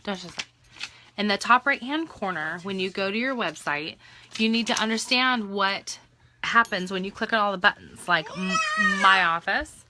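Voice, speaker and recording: A woman's voice: medium pitch, lively intonation, normal speed, noisy background. A young adult woman giving casual live training to her sales team at home, with lots of ums. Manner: casual, instructive, full of ums; hushed soothing of a child. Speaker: direct-sales team leader.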